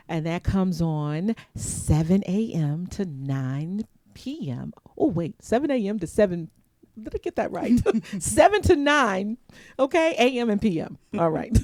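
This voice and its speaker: A woman's voice: mid-range voice, dark tone, no echo. A woman hosting a live show, chatty and rambling, laughing often and losing her place in her notes. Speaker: host.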